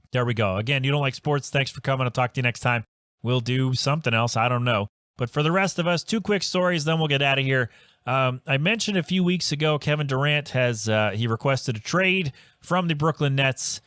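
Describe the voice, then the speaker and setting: A man's voice: medium pitch, fairly bright tone, no room sound, studio quality. Rambling, exasperated male podcast host. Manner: rambling, exasperated, self-interrupting. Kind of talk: solo podcast rant. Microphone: home podcast microphone.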